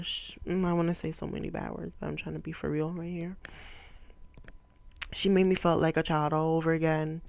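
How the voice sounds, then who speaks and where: A woman's voice: on the low side, low-quality recording. A young woman gaming vlogger venting casually while she plays, talking emotionally and rambling with lots of "like" fillers.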